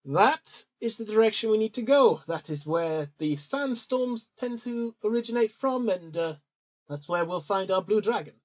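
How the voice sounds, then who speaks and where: A game master voicing a male dragonborn desert guide who talks in a plain, practical, unhurried way, on a dull lo-fi recording. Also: mid-range voice, expressive, voice pushed up, natural voice.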